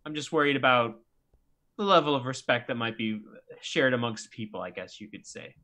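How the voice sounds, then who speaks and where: A man's voice: medium pitch, fairly quick, pushed and bright, lightly acted. A man voicing a grown male murder investigator in a tabletop role-play game, speaking in a hesitant, roundabout way. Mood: cautious.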